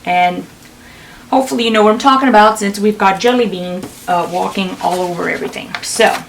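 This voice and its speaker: A middle-aged woman talks her viewers through a quilt block in a relaxed, homey way. She fills pauses with ums and laughs easily at her own slips. Her pitch sits in an ordinary middle range. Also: gravelly, recorded from a distance, a little hiss or hum. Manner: chatty, many ums, laughs at herself. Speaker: quilting vlogger. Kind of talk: casual sewing tutorial chat.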